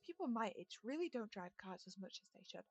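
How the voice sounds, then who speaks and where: A woman's voice: medium pitch, big pitch swings, fairly quick, darkish tone. A woman voicing a chatty, scatterbrained elderly woman who rambles, fusses and calls people dear. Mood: rambling.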